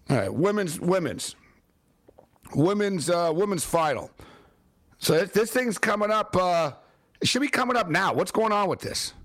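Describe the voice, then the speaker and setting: A man hosting a late-night sports radio show, ranting and joking in an excitable, wisecracking way. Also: high voice, no echo, studio quality.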